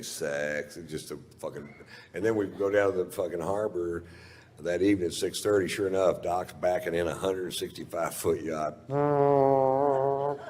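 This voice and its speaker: A man's voice: very deep voice, darkish tone, long reverb tail. A male stand-up comedian telling a long story, rambling and profane, often chuckling at his own lines.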